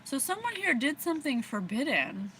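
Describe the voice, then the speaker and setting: Bubbly high-voiced American woman. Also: very animated, moderate pace, noisy background. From USA. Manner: bubbly, giggly, rambling. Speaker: psychic reader. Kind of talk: casual livestream reading.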